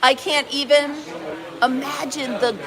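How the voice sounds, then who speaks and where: Woman host, high voice, exclaiming, chatting live from a busy market barn full of noisy crowd. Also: measured pace. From upstate New York. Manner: animated, exclaiming, acts out quoted dialogue. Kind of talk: casual storytelling to live viewers. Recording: busy crowd noise behind.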